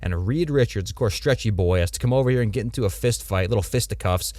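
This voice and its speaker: A young man talks casually and animatedly in a lowish voice, slangy and playful. He sounds dry and close, with little room around him. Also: quick pace, a little mellow, dry recording. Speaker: podcast co-host. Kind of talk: casual comic book discussion.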